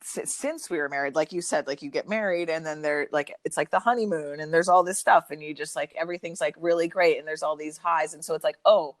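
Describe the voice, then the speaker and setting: A woman's voice: low-pitched, fast, few pauses, no echo. A young adult woman, a podcast guest, telling a personal story in casual chat, full of fillers and swearing. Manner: profane, filler-heavy, animated retelling.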